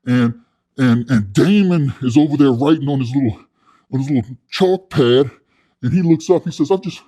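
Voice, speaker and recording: A man's voice: mid-range voice, normal speed, dark tone. A man telling a comic story in a rambling way, with stumbling restarts. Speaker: comedy storyteller.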